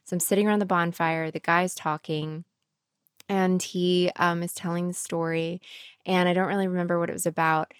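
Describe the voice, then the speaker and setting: Podcast host lady telling a creepy story, um and like everywhere, kinda low voice, dry sound. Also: normal speed, smooth, no echo. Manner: animated storyteller, acts out quotes; many fillers, 'like' and 'um'. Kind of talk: casual chat.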